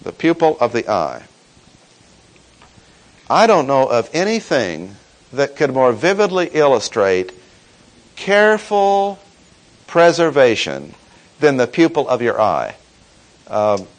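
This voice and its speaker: A man delivers a Bible-teaching sermon with a measured, emphatic delivery. His pitch moves freely up and down as he leans on key words, slowing right down for stress. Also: big pitch swings, low-quality recording. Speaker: preacher. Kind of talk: expository sermon.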